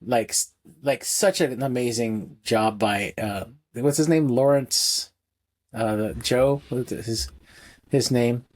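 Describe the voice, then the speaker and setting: Podcast co-host, male, mid-pitched, casual and rambling, laughs between thoughts. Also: slow pace. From United States. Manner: rambling, many restarts, laughs often. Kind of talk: casual film review chat.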